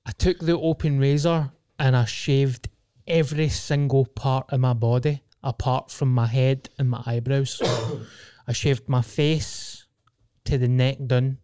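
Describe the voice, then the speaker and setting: A man's voice: mid-range voice, fairly even intonation, unhurried, dark tone, clear, resonant tone, no echo, studio quality. A young Scottish man telling rambling, sweary stories in a casual podcast chat. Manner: rambling, sweary storytelling with frequent restarts.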